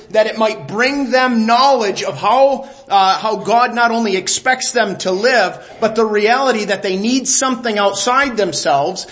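A man preaching a sermon, emphatic, dropping to a hush and rising again. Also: high voice. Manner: emphatic, drops to a hush then rises.

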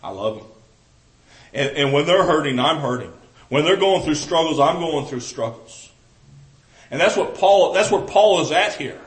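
Earnest Southern preacher, fairly high voice. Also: male voice, animated, normal speed, long pauses, rough recording. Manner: earnest, repeats and restarts, swings from loud emphasis to soft intimate tones. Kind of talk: sermon.

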